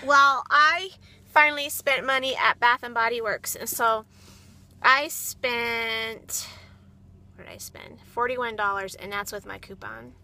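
A woman's voice: a little high, fairly even intonation, unhurried, bright, forceful tone. A woman chatting casually and rambling through her day for a vlog, filmed on a phone in a car. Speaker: vlogger. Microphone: phone camera.

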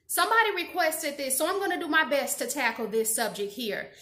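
Woman from the midwest chatting thru her own story, kinda high voice, echoey room. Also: big pitch swings, a little fast, bright, forceful tone. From Gary, Indiana, USA. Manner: candid, chatty, laughs at herself. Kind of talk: casual storytime monologue.

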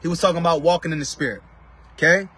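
Husky-voiced man preaching from his car. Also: on the high side, quick pace, sharp tone. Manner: emphatic, calls out to viewers by name. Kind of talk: casual live-stream preaching.

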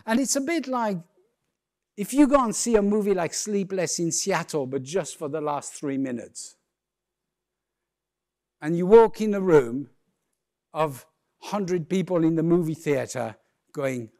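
A man's voice: high-pitched, expressive, moderate pace, a little mellow. A man giving a humorous, conversational keynote talk on a conference stage, full of playful asides. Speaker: keynote speaker.

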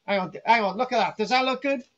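Brief: middle-aged male archaeologist on a live stream, high voice, jokey and rambling, muffled lo-fi sound. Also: quick pace, fairly bright tone. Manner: jokey, rambling, restarts sentences, teases his co-host. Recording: dull lo-fi home stream audio.

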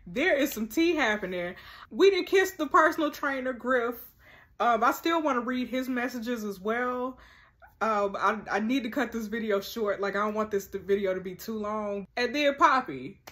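A woman reads a chat story out loud and keeps cutting in with her own heated remarks. She is sassy and animated, with quick-tempered, slangy asides between the messages. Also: a little high. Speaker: host. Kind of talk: reading a text-message story game aloud with reactions.

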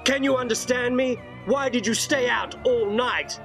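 A man's voice: very high voice, unhurried, music in the background, pitched above the performer's own voice. A man voicing a snappish, scheming wife in a horror storybook. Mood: snapping. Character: scheming wife, sharp and cold.

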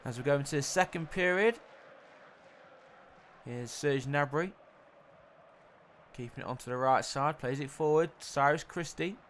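Young guy doing play-by-play on his own footy game, kinda high voice, faint hiss behind. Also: a little slow, long pauses. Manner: mock sports-commentator delivery, jumps up excitedly at goals. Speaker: gaming YouTuber.

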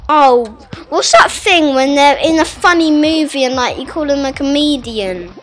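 A woman giving live gameplay commentary, muttering to herself, then bursting into shouts at setbacks. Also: high-pitched, normal speed, background noise. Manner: excitable, swings from muttering to shouted outbursts. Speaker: gaming channel host.

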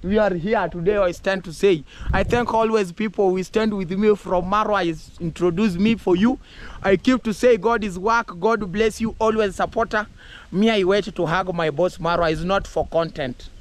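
A man with a Kenyan accent vlogging outdoors in a village, talking excitedly and rambling, mixing English and Swahili and laughing often. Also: high voice, moderate pace. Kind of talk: casual vlog talk to camera.

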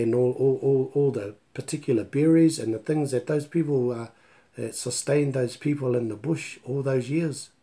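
With a dark tone in his mid-range voice, a New Zealand-accented man gives a casual online te reo Māori lesson live from home. The chatty, story-filled session mixes in Māori words and is picked up by a laptop microphone.

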